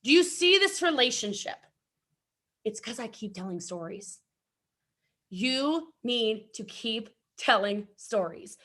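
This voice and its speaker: A woman giving an energetic motivational talk at an event, chatty and rambling, often breaking off to laugh. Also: on the high side, slow. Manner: chatty, rambling, self-interrupting, laughs a lot. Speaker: event speaker.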